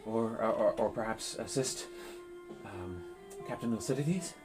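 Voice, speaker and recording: A man voicing a warm, doting middle-aged tiefling mother who fusses and stammers affectionately. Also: lowish voice, a little slow, over music, natural voice. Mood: fussing.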